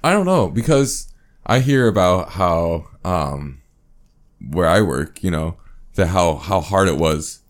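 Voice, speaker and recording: A man's voice: low voice, animated, slow pace. A man in casual conversation, laid-back and a little hesitant, laughing often. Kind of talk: casual chat.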